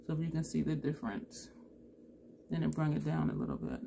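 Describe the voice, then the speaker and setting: A woman's voice: sits low, huge pitch swings, brisk, creaky, dark tone, slight background noise. A woman vlogger chatting through a makeup tutorial, thinking aloud and correcting herself as she goes. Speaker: beauty vlogger.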